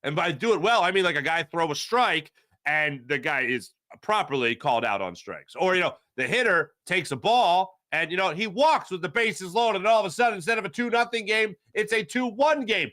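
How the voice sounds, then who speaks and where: A man hosting a sports talk show, ranting with strong opinions and swinging between low grumbles and loud outbursts. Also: lively intonation, brisk, no echo, clean studio sound. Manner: mocking put-on fan voice at times. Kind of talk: opinionated sports radio rant.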